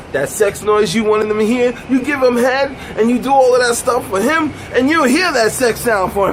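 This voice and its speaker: A man giving a blunt comic rant to camera, animated and emphatic, sitting in a car. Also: slight background noise, poor audio. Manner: animated, swooping pitch, drawn-out emphatic phrases. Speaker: vlogger.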